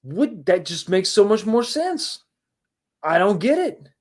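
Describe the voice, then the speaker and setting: Taking his time in a high-sitting, sing-song voice, this livestreamer casually reviews a film and responds to chat. Exasperated and rambling, he's blunt and curses, with frequent restarts and rhetorical questions.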